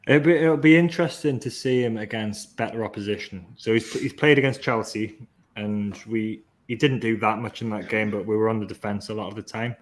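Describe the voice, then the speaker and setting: Low-voiced man analysing football. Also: a little fast. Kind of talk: casual football podcast chat.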